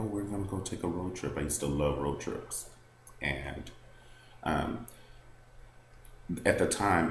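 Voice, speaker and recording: A man with a remarkably low, deep voice tells a personal story straight to the camera. He rambles candidly, leaning on "like" and "um" as he goes. The sound is roomy and echoey, with a faint hum of noise underneath. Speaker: vlogger.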